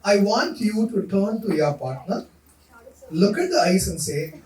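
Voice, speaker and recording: A man leads a workshop in a high, lively voice, coaxing the room and repeating his instructions. He is heard from a distance in a large, echoey hall. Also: unhurried, crowd noise. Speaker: leadership coach running a workshop. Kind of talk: interactive workshop talk to students.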